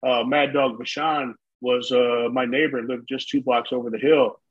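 A man's voice: mid-range voice, fairly even intonation, moderate pace, husky, muffled recording. A man in his fifties from the United States, co-hosting a casual chat and telling profane, rambling stories. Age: 50s. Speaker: co-host, former pro wrestler.

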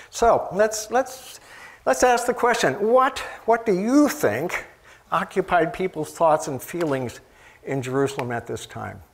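A man preaching a sermon in a conversational way, asking the listeners questions and often pausing with fillers and restarts. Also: a little high, gravelly.

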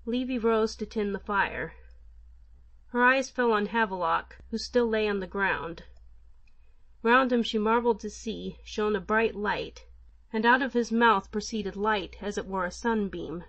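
Woman reading an old legend audiobook, steady mid voice, kinda muffled lo-fi. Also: medium pitch, measured pace, no room sound. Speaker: audiobook narrator. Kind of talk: scripted narration of a folk tale.

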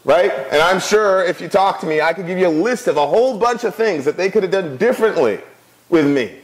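A man's voice: high-pitched, expressive, a little fast, rough recording. A middle-aged man preaching a sermon as pastor, conversational, with frequent asides to the congregation.

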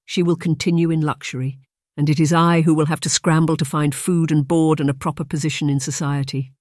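A man playing a gentle young governess. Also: fairly high pitch, flat delivery, brisk, no echo, studio quality, natural voice. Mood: earnest. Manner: quiet and polite. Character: anxious young woman governess, gentle and proper.

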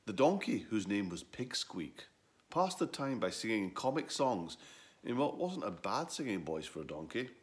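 A man reading a children's story aloud in an expressive, lively way. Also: lowish voice, moderate pace.

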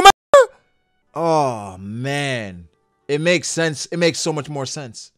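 A man hosting a reaction channel, giving excitable, profane live commentary that breaks into shouts. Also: a little high, unhurried, no room sound, clean studio sound, soft background music. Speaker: anime reaction channel host.

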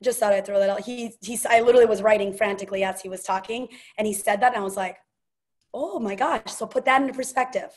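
A woman with a medium-pitched voice talks at a quick pace while hosting a casual team call. She tells stories and quotes people in a chatty, gushing way.

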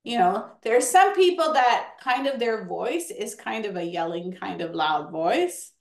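A high-pitched woman leads a kids' workshop in an encouraging, animated way. Her voice carries a roomy echo. She keeps the children engaged with quick praise. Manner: encouraging, animated, counts kids in. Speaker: workshop host. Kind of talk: lively classroom-style teaching.

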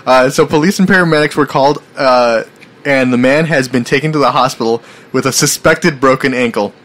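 A man hosting a loose, casual podcast. His voice sits in a middle pitch, and he reads news items aloud between bursts of laughter. He swears freely. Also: a little fast, fairly bright tone. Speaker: podcast host.

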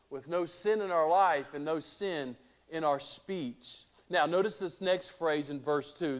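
High-voiced preacher. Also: male voice. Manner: earnest preaching with rhetorical questions. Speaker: pastor. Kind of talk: sermon.

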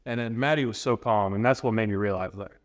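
A man in his twenties, a training client, is an easygoing interview guest who talks fast in a fairly low voice. He rambles, with lots of fillers and restarts.

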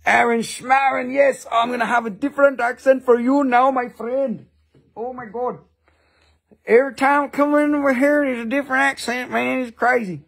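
Guy doing a goofy high voice, all excited and exaggerated. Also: normal speed, gravelly, full character voice. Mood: giddy. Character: goofy put-on voice of a grown man, excitable.

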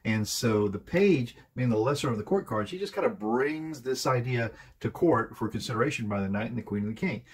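A man's voice: mid-range voice, animated, fairly quick, few pauses, breathy edge. A man giving a casual, rambling tarot card reading, full of hesitations and fillers as he talks through each card. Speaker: tarot reader.

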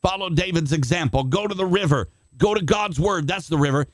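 Older male preacher, fiery and shouting at the peaks, slightly high voice, dry close sound. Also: brisk, dry recording. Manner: impassioned, shouting climaxes, calls on congregation by name. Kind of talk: sermon.

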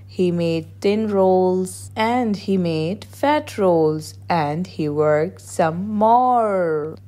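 A woman narrating a children's picture book aloud in a gentle, measured storytelling voice. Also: lowish voice.

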